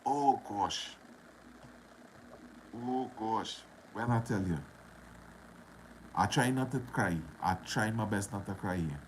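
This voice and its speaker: A man with a Trinidadian accent tells a personal story to camera in a casual, animated way, repeating phrases for drama. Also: on the low side, moderate pace, long pauses, slight background noise. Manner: animated, dramatic retelling with repetition and dialect.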